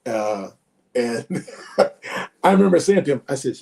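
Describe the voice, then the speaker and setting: A man in his sixties, a former football player and guest, telling stories in a lively way and often repeating words. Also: medium pitch, a little slow, creaky, long pauses. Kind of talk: animated storytelling.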